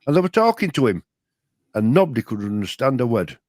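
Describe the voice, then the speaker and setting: An older man with a Yorkshire accent, co-hosting a relaxed, chatty live talk show. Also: medium pitch, a little fast, no echo, clean studio sound. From Yorkshire, England. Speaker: co-host. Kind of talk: casual chat.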